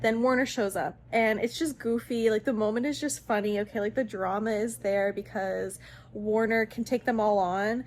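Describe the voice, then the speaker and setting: A woman's voice: medium pitch, fairly even intonation, normal speed, slight background noise. A young woman chatting casually as she recaps a book series, gushing and swearing freely. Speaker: book vlogger.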